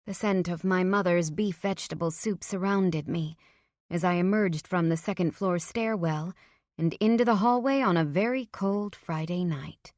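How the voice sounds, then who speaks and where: A woman narrating a romance audiobook in the first person, with warm, playful storytelling. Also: fairly low pitch, moderate pace, no room sound, studio quality.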